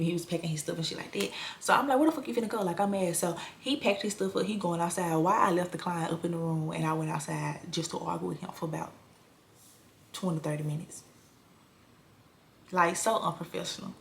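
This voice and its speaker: A young woman telling a storytime vlog, blunt and animated, swearing freely in casual slang. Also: fairly low pitch, a little fast, gravelly, long pauses, slight background noise.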